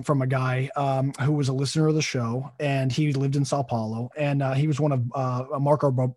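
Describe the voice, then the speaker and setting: A man's voice: medium pitch, a little mellow, dry recording, clean studio sound. Rambling man telling a story. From United States. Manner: rambling, many restarts and fillers. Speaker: podcast host. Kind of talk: casual storytelling.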